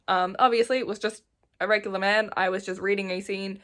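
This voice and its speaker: A woman's voice: medium pitch, fairly even intonation, a little fast, a bit bright. A woman of about nineteen chatting casually in a reading vlog at home, gushing and emotional, often laughing. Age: late teens. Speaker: vlogger.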